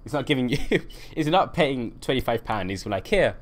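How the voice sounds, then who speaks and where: A man's voice: mid-range voice, lively intonation, moderate pace. A young man chatting on a live stream while playing a game, reading and answering his chat and laughing often.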